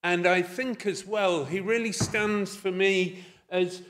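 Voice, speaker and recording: A man's voice: sits high, fairly even intonation, slow pace, fairly bright tone. A middle-aged man with a Scottish accent giving a conference talk, thoughtful and self-deprecating, with hesitant fillers. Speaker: conference speaker. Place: conference hall.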